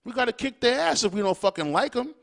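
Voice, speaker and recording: His voice is extremely high, gravelly and fairly bright, and he talks quickly and animatedly as a podcast host. Bluntly and with plenty of profanity, he delivers an opinionated monologue, emphatically punching each point with "all right?"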